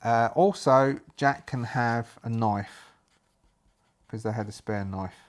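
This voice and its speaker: A man's voice: medium pitch, takes it slowly. A man narrating his solo tabletop game, talking through dice rolls and rules aloud.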